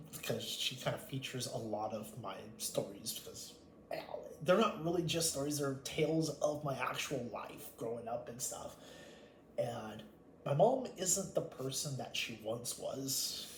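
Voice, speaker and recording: A man's voice: mid-range voice, expressive, measured pace. A man telling a rambling storytime monologue about his family, blunt and full of swearing. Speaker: vlogger. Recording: echoey room with faint ambient noise.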